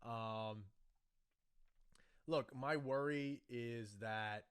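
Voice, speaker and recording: A man's voice: medium pitch, extremely slow, fairly bright tone, smooth, dry recording. A man hosting a casual solo podcast, rambling through his thoughts with many fillers and restarts. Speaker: podcast host. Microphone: desk microphone.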